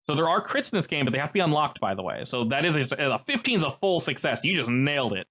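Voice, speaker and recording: Animated game master man. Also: fairly high pitch, fast talker. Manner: lively, explanatory, many fillers. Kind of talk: running a tabletop game over voice chat.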